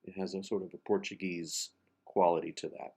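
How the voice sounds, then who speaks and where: A man teaching the pronunciation of a song text, speaking slowly and carefully, spelling out sounds and repeating words one syllable at a time. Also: deep voice, flat delivery, gravelly, warm tone, slightly rough. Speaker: diction coach. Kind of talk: pronunciation lesson for singers.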